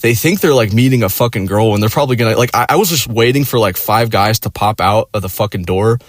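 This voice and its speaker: In casual chat, a man with a lowish voice tells a story at a quick clip, recorded clean in a studio with no echo. He swears constantly and pads everything with "like" and "you know," rambling along. He's animated, acting out his friends' lines in quoted voices.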